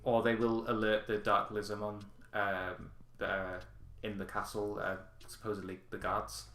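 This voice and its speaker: Man, game master, low voice, rambling with ums, echoey room. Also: flat delivery, normal speed, a bit bright. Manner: rambling, frequent ums and restarts. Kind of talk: narrating a tabletop game.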